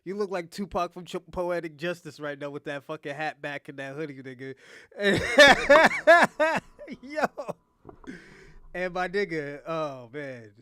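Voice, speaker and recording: A man's voice: on the high side, moderate pace, a bit bright, clean tone. A man streaming his reaction to a talk show, laughing often and talking bluntly and crudely. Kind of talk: casual reaction commentary.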